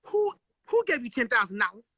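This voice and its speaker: A sharp, scolding mother, pitched high above the speaker's own voice, as a man puts her on while telling a story. She fires off suspicious, cursing questions, and her tone is tight and bright. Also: sing-song, brisk, dry recording, clean studio sound, heavily acted. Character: stern scolding mother, middle-aged.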